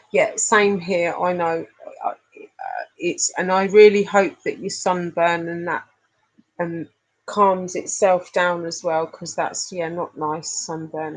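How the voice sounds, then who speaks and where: A middle-aged woman chats with her live-stream viewers in an unhurried, low voice. She is affectionate and laughs often. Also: breathy edge, low-quality recording. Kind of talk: casual live chat reading comments.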